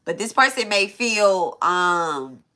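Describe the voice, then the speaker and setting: A young woman with a bright, forceful voice gives an informal tarot reading straight to her viewers. She talks loosely, swears often, and keeps breaking off and restarting her sentences. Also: mid-range voice, lively intonation, slow. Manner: casual, swearing, thinks aloud with many restarts. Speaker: tarot reader.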